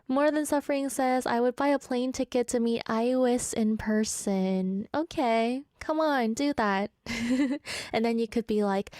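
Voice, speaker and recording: Playful high-voiced woman radio host. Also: a little slow, a little mellow, no room sound, studio quality. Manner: playful, teasing, laughs at her own jokes. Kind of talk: casual chat reading listener messages. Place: radio studio. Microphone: studio microphone.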